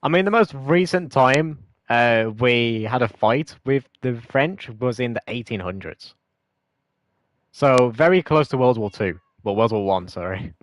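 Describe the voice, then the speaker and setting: A man's voice: medium pitch, expressive, measured pace. Rambling British man chatting with viewers. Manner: rambling, hesitant, self-correcting explanations. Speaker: gaming streamer. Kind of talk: casual chat with viewers.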